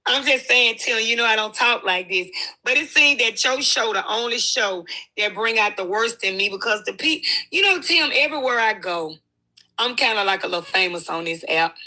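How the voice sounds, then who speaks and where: A woman's voice: fairly high pitch, lively intonation, moderate pace, sharp tone. A woman talking as a guest in a livestream chat, brash and sassy, trading insults. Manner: sassy, brash trash talk.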